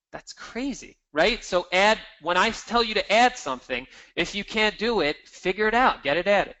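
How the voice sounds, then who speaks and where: A man giving an energetic, emphatic marketing seminar, walking the audience through slides. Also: high-pitched, poor audio. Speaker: marketing presenter.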